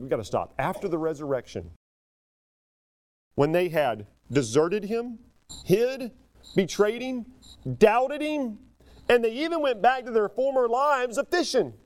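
A man preaching a sermon, emphatic and animated, often breaking off and restarting his sentences. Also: high-pitched. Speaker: pastor.

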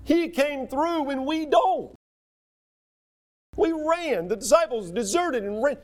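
A man preaching a sermon, emphatic and animated, often breaking off and restarting his sentences. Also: very high voice, takes it slowly. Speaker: pastor.

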